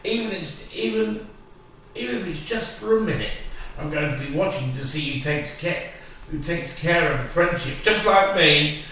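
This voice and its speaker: A man co-hosting a podcast in casual banter, dry and deadpan, recorded from a distant mic in an echoey room. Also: fairly high pitch, normal speed, a little hiss or hum.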